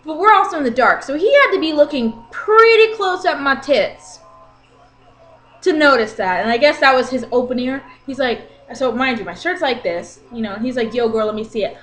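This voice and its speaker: A woman in her twenties telling an exasperated story in a casual vlog rant, animated and talking with her hands. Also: high voice, normal speed. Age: 20s. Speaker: vlogger.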